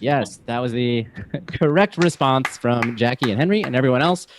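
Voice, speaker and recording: A man's voice: medium pitch, moderate pace, noisy background. A young adult man hosting a comedy show on a video call, upbeat and chuckling, with plenty of fillers. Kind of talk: stand-up emcee banter.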